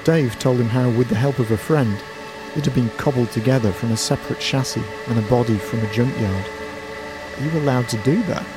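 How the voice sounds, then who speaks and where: A man reading a story aloud in a calm, measured way. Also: medium pitch. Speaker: narrator. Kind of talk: scripted story narration. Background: music.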